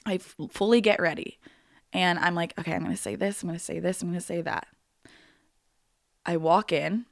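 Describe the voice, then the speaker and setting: Young woman podcast host rambling through a story, lowish voice, dry close sound, says like a lot. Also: expressive, a little fast, vocal fry, pauses often, no room sound. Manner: chatty, heavy use of "like", acts out quoted voices. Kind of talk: casual storytelling.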